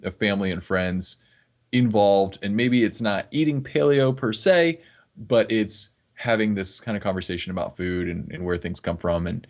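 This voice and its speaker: Man, from northeast Florida, podcast guest, earnest, repeats words, lowish voice. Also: normal speed. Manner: earnest, restarts words often. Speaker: podcast guest, fitness trainer. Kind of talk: casual podcast conversation.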